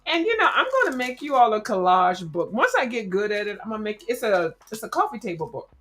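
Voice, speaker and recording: A woman's voice: medium pitch, big pitch swings, quick pace, fairly bright tone, soft background music. A woman hosting a casual crafting livestream, chatting in a rambling, slangy way and talking straight to her viewers. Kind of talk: casual chat while crafting.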